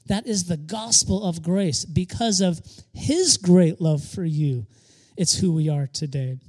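A man's voice: high-pitched, measured pace, a little mellow. A man preaching a sermon as pastor, emphatic, repeating key phrases for stress and slipping in joking asides.

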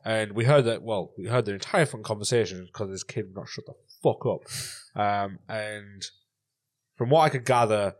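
A man's voice: fairly low pitch, normal speed. Sweary man telling stories. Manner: swears a lot, animated storytelling. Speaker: podcast co-host. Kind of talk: casual chat.

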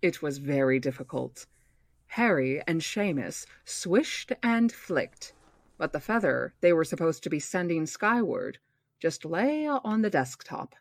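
A woman hosting a book podcast reads a novel aloud in a steady, slightly low voice. She narrates evenly and corrects her small slips as she goes. The recording is dry and close. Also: unhurried, no echo. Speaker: podcast host reading aloud.

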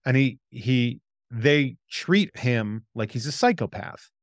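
Picture an excitable male podcast co-host recapping a movie scene by scene, close to the mic in a dry, deadened room. His voice sits at an ordinary middle pitch. He chats casually and throws himself into the retelling. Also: takes it slowly, no room sound. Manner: excitable plot recap, acts out lines.

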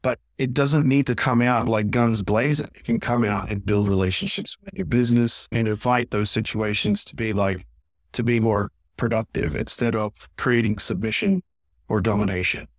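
A man's voice: fairly low pitch, normal speed, no room sound. Male trainer guest, earnest and explanatory, dry close recording. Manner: earnest, explanatory, lots of "right?" asides. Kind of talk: podcast interview.

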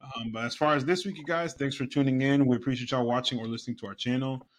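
A man hosting a casual podcast with friends. His voice sits at an ordinary middle pitch, and he rambles loosely, often stopping to hunt for the right word. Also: steady tone, fast talker. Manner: loose, rambling, searching for words. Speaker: podcast host. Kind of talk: casual chat.

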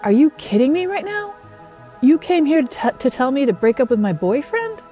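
A woman's voice: high-pitched, moderate pace, soft background music, pitched above the performer's own voice. A woman reading a novel aloud and voicing a cold, clipped teenage girl who turns incredulous. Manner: clipped and deadpan, flaring into disbelief.

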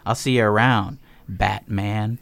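A man's voice: fairly low pitch, steady tone, a little slow, creaky, fairly bright tone. A man voicing a murderous jester-like killer who talks in a chuckling, mock-casual way. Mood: grave. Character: murderous male jester-like killer, calmly amused.

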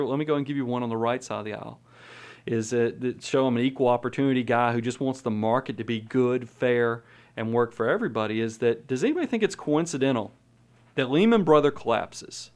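A man from the United States hosts a finance show in an emphatic, rambling monologue. He doubles back and restarts his sentences as he argues his point. His voice sits at an ordinary middle pitch. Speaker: podcast host, money manager. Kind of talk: casual opinionated monologue.

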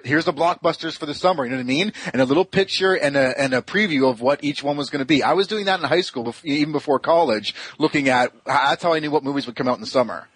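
Casting note: male podcast host, slightly high husky voice, dry close sound, rambling storyteller. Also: no room sound. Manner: rambling, animated storytelling with restarts. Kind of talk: casual chat.

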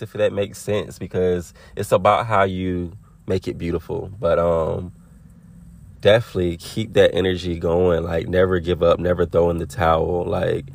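A man in his late twenties hosting a casual motivational podcast, talking in a relaxed, affirming way and repeating phrases for emphasis. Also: low-pitched, gravelly. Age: 20s. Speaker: podcast host.

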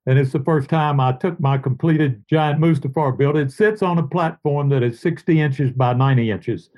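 A man's voice: fairly high pitch, moderate pace, low-quality recording. An older man, a guest telling long, rambling stories in a casual interview. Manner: rambling, warm anecdotes, sings made-up tunes.

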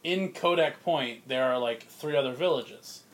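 A man's voice: mid-range voice, a little slow. A man narrating as game master of a comedic tabletop game, loose and laughing, with lots of fillers.

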